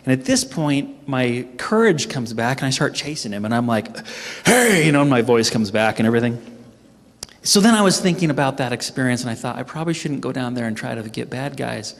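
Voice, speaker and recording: A middle-aged man telling a funny personal story at a team training, animated and self-mocking. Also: medium pitch, a little fast, creaky. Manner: animated, humorous, acts out his own panicked voice. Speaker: speaker at a sales team training. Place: event hall. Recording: echoey hall reverb.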